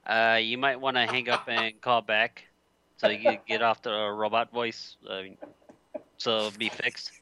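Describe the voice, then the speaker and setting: A man co-hosting a casual gaming podcast, speaking haltingly with many fillers. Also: lowish voice, flat delivery, sharp tone, a little hiss or hum. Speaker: podcast co-host.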